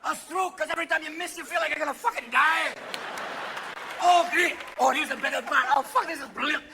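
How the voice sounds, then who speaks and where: A man performing a stand-up comedy set, manic and shouting, jumping between voices and impressions. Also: extremely high pitch, brisk, creaky, noisy background. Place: large theater with live audience. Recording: live theater recording with crowd laughter. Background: audience laughter and applause.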